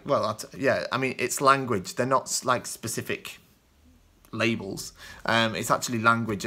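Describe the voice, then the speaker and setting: A man's voice: medium pitch, pushed and bright. A British man from the UK hosting a kendo show, answering viewer questions in loose, rambling casual chat with many ums and restarts.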